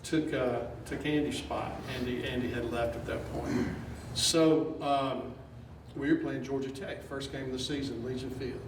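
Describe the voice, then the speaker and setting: A man, a former player and assistant coach, telling an animated story on a panel and laughing as he goes. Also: medium pitch, moderate pace. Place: event hall with an audience. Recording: echoey room from far off with noise.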